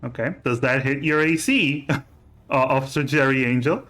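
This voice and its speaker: A man acting as game master, ruling on the rules with pauses and hesitations. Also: medium pitch, a bit bright. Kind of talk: running a tabletop game.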